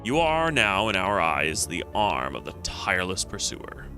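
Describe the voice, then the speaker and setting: A man's voice: sits low, sing-song, unhurried, bright, forceful tone, soft background music, exaggerated voice. A man reading the lines of a stern older male temple lector from a retro game, speaking in solemn, formal pronouncements. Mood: grave.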